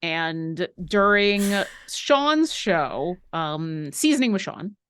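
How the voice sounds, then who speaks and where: A woman's voice: lowish voice, big pitch swings, fairly bright tone, clean tone, no room sound. Chatty woman, dry close sound. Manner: chatty and rambling, quick asides. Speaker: stream co-host reading chat questions. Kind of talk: casual chat on a live painting stream.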